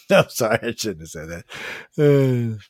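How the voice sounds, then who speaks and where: A man's voice: medium pitch, very animated, slow, a little mellow, dry recording, studio quality. A man hosting a casual news talk, reading headlines and rambling bluntly with swearing and trailing-off sentences.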